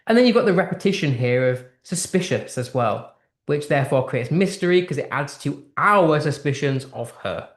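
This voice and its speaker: British accent, literature tutor, rhetorical questions, thinking aloud, mid pitch, echoey room. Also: animated, normal speed. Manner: poses strings of rhetorical questions. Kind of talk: explaining a text in a lesson. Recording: roomy echo.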